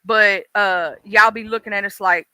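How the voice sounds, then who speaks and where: A woman's voice: medium pitch, fairly even intonation, normal speed, sharp tone, clear, resonant tone, no room sound, poor audio. A woman from Mississippi with a Southern accent, chatting casually and folksily on her livestream, swearing freely and laughing often. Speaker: livestream host. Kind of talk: casual chat.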